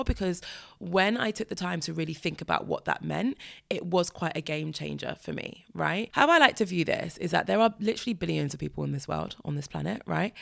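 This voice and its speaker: A woman's voice: on the low side, gravelly. A British woman hosting a podcast, talking frankly and chattily with self-deprecating asides. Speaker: podcast host. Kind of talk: solo podcast advice talk.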